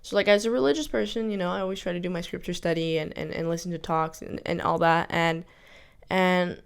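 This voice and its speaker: A woman's voice: lowish voice, fairly even intonation, a little fast, vocal fry, clear, resonant tone. A young woman vlogger telling a personal story in a casual, rambling, self-reflective way, full of fillers and restarts.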